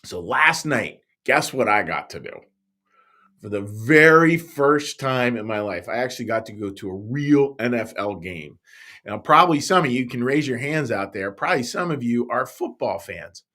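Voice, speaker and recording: Man, pastor, children's Bible story, lively up-and-down pitch, mid-range voice. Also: normal speed. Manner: animated, playful storytelling voice that swings up and down, talking straight to kids. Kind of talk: telling a Bible story to young kids.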